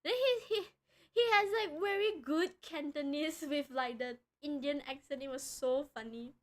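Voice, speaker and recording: A young woman from Malaysia chatting casually on a live stream, excitable and often breaking into laughter. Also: high-pitched, moderate pace.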